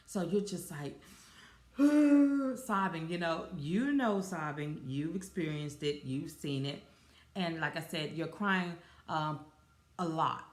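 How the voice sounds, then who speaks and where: A woman's voice: low voice, reverberant. A woman hosting her own podcast, talking casually and giggling often as she addresses listeners as y'all. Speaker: podcast host. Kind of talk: casual solo podcast talk.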